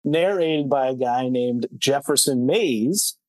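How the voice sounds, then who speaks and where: A man's voice: medium pitch, slow, a little mellow, no room sound. A man co-hosting a book podcast, chatting casually in a rambling, wry way with lots of fillers. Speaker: podcast co-host.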